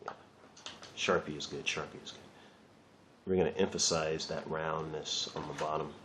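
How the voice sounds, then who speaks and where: A man's voice: extremely low pitch, fairly even intonation, normal speed, a bit bright, slight background noise. A man giving a casual, rambling drawing lesson while he works, chatting loosely and swearing lightly. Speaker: art teacher.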